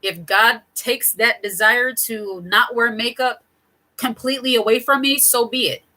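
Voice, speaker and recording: Middle-aged woman host, chatty and digressive, bright higher voice, casual advice to camera. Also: steady tone, measured pace, poor audio. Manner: chatty, digressive, laughs often. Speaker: channel host.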